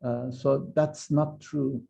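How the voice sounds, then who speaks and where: Male physics lecturer, gravelly and very dark tone, hesitant delivery, muffled lo-fi recording. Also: medium pitch, fairly even intonation, slow. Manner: hesitant, many fillers and restarts. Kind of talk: university lecture.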